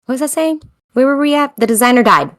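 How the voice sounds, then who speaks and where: Halting woman reading her podcast notes. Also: high-pitched, expressive. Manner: halting, full of ums, stumbles over foreign names and apologizes. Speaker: podcast co-host. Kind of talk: casual chat, reading out research notes.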